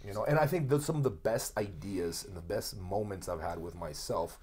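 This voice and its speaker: A man hosting a podcast in casual chat, excitable and quick to chime in. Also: low-pitched.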